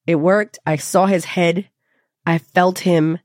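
A woman hosting a podcast, telling a personal story in a candid, lively way and swearing freely. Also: fairly low pitch, takes it slowly, dry recording, clean studio sound. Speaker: podcast host.

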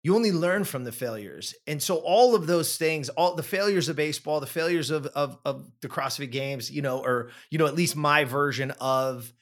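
Man in his forties, fairly high voice, animated storyteller, repeats words, casual chat. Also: moderate pace, hardly any pauses. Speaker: podcast guest telling his story.

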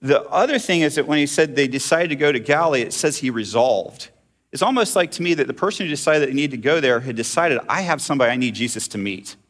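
A man's voice: a little high, lively intonation, fast, fairly bright tone. A middle-aged man preaching a sermon in a conversational way, putting questions to his congregation. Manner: conversational, asks the audience questions. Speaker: pastor.

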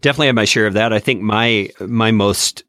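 A man, a podcast host, telling stories in a relaxed, reflective casual chat. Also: fairly low pitch, quick pace, dry recording, studio quality.

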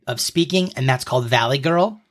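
A man in his thirties co-hosting a casual podcast, speaking close to the mic. He explains each slang term in a playful mock-lesson manner, and his voice sits at an ordinary middle pitch for a man. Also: a little fast, a bit bright. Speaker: podcast co-host quizzing his partner.

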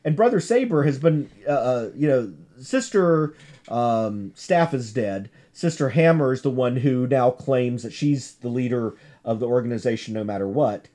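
Man lecturing to a class, chatty and digressive, lively pitch, warm dark tone. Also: normal speed.

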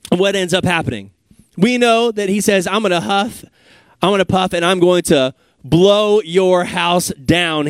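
A man's voice: high-pitched, dry recording. A male pastor giving a sermon in a casual, conversational way, prompting the congregation.

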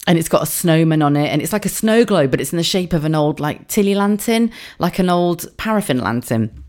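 Low-voiced, sweary chatty woman. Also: expressive, fairly quick, darkish tone. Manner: chatty, sweary storytelling with frequent laughs. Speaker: podcast host. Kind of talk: casual monologue.

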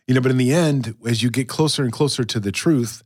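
A man's voice: mid-range voice, fast talker, darkish tone, no echo, studio quality. A man co-hosting a church podcast, chatting casually about faith with lots of fillers and restarts. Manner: rambling, many fillers and restarts. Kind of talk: casual chat.

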